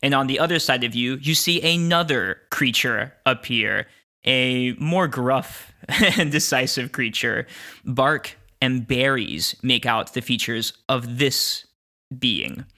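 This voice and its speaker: A man narrating a tabletop game as game master, describing scenes in an unhurried way. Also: medium pitch, pushed and bright.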